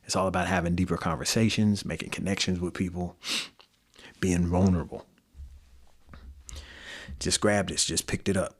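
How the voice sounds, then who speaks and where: A man's voice: low voice, flat delivery, normal speed, long pauses, breathy edge. A man with a Midwestern American accent hosting a solo podcast, talking loosely and conversationally with slang and fillers. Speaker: podcast host. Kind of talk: casual solo podcast monologue.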